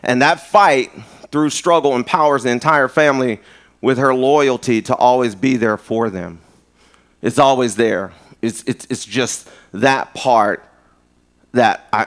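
A man's voice: medium pitch, a little slow, a bit bright. A man pastor preaching a live sermon in a conversational way, often repeating words and building to emphasis. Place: church.

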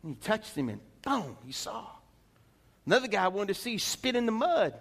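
High-voiced pastor preaching in a reverberant sanctuary. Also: male voice, very animated, normal speed, vocal fry, a bit bright. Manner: emphatic, rhetorical questions to the congregation. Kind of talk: sermon. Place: church sanctuary. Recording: long reverb in a church hall.

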